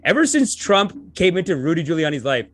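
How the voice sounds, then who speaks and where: Co-host, male, high and lively, mocking tone, soft music under. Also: brisk. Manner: mocking, animated, throws in silly impressions. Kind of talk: casual commentary chat.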